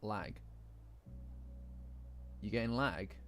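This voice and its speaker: A man's voice: fairly low pitch, extremely slow, fairly bright tone. A man with a lingering cough, chatting casually and rambling with his live-stream audience, swearing now and then. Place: cold room at home. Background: faint lo-fi music.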